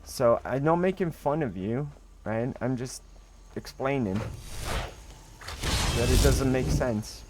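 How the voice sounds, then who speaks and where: A man's voice: mid-range voice, slow pace, long pauses, a little mellow, a little hiss or hum. A middle-aged man streaming a game live, chatting casually and teasing viewers with jokes and the odd curse word. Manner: joking, teasing banter with occasional swearing. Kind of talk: casual live-stream chat while playing.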